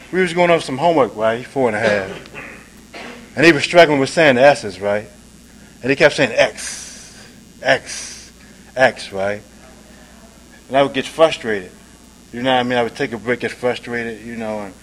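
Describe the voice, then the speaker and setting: A rough recording catches a man sharing at a recovery meeting, talking casually and leaning on "man," "right?" and "you dig?" Sometimes he goes soft and low, other times loud and emphatic.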